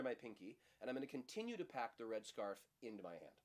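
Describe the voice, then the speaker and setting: A middle-aged man explains a magic trick in a relaxed, hands-on lesson. His voice sits at a middle pitch but moves through a very lively range. He keeps a playful tone as he talks the viewer through each move. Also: fast, few pauses. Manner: lively, playful, acts out audience lines in high voices. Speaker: magic teacher. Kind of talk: casual demonstration lesson.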